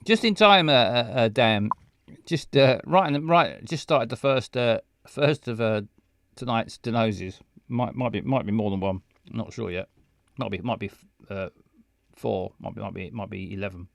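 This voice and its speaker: A man's voice: on the low side, moderate pace, vocal fry, no echo. A man rambling and stumbling through casual live game stream commentary on a close mic. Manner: rambling, stumbling, self-mocking.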